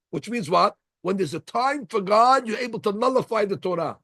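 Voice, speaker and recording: A rabbi with a fairly high, gravelly and somewhat husky voice teaches a lively class. He acts out short scenes in different voices as he explains. The sound is dry and close to the mic. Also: brisk, few pauses, no echo. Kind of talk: animated Torah class.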